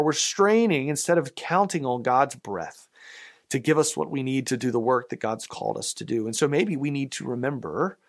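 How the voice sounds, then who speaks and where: A man preaching a sermon in a casual, conversational way, often restarting his sentences. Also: a little high. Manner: conversational, halting with restarts and fillers. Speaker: pastor.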